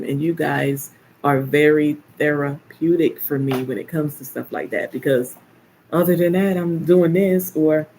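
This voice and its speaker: An older woman hosting a casual live stream, chatting and telling animated stories with playful teasing. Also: sits low, slight background noise. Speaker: live stream host, caregiver. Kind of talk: casual chat.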